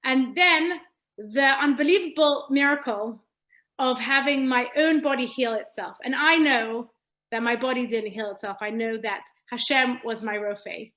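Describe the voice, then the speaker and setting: A woman's voice: a little high, a little slow, lo-fi sound. A woman giving an earnest personal testimony talk, often restarting phrases and using Hebrew terms. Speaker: speaker sharing her story.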